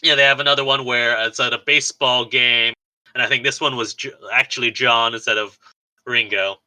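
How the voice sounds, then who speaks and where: Podcast co-host, male, chatty and rambling, very bright voice, mid pitch. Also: fairly even intonation, brisk, rough recording. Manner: rambling, laughs often, lots of "like" and restarts. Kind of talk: casual chat recapping a film.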